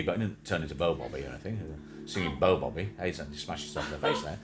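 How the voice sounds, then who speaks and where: A man's voice: a bass voice, fast talker, faint music behind. A man co-hosting a live stream in casual chat, rambling and joking as he talks to viewers and his pets. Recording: noisy home stream audio.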